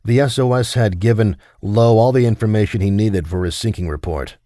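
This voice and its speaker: A man with a very low voice reads an audiobook in a measured storytelling manner, voicing the dialogue briefly. The recording is dry and close, with no room sound. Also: warm tone, no room sound. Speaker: audiobook narrator. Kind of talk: scripted narration.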